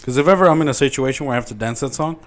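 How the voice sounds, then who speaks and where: A man's voice: mid-range voice, rapid-fire. Teasing young man with a mid-range voice. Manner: joking, teasing, deadpan boasts. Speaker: podcast host. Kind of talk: casual chat.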